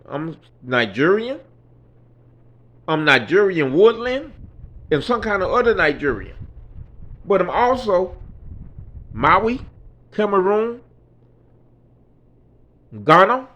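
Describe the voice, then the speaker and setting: A man's voice: high-pitched, sharp tone. A man in his sixties rambling through a personal story in a casual, folksy way, quoting himself and others. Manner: rambling, folksy, quotes people with "I say". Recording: dull lo-fi recording.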